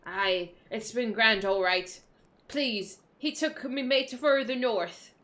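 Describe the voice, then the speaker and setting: A woman reading as a gruff pirate-talking sailor. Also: on the high side, takes it slowly, a bit bright. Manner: reads in rough pirate-style speech.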